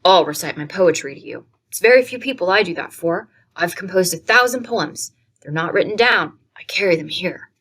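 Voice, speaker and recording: A woman's voice: lowish voice, animated, moderate pace, a bit bright. A woman playing a whimsical, whispery cousin. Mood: conspiratorial. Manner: conspiratorial, solemn, whispery. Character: whimsical, secretive older male cousin.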